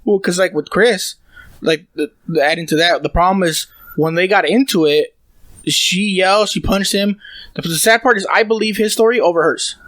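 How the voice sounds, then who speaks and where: A man's voice: high-pitched, moderate pace, fairly bright tone, dry recording. A young man telling a long, rambling family story in casual podcast chat, swearing often. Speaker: podcast co-host.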